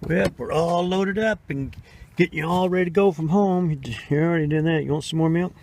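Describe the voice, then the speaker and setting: A man's voice: on the high side, brisk, a little mellow. An older man filming a casual home video, chatting and coaxing his baby granddaughter as he talks to her.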